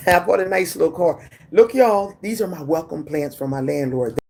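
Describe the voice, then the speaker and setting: On a phone, a man hosts a casual live stream, walking from inside his home out into the yard while faint rain falls. His voice is gravelly and on the high side, at a moderate pace with a little hiss or hum, and he greets viewers by name and laughs often.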